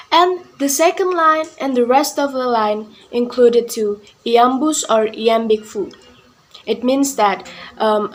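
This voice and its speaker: A young woman student giving a class presentation, reading carefully and deliberately with some restarts. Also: on the high side. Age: young adult. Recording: faint background noise.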